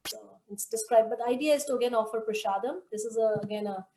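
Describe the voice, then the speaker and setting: A woman hosting an online scripture study group, leading the discussion and telling stories in an animated way over a video call. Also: a little high, fast talker, slight background noise. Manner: animated storyteller. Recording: roomy echo.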